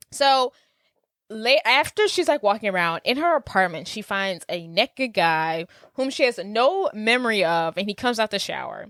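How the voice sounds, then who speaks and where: A woman's voice: medium pitch, expressive, normal speed, a bit bright, no echo. A woman in her thirties co-hosting a podcast, retelling a film's plot with playful commentary. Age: 30s. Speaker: podcast co-host. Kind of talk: casual chat retelling a film.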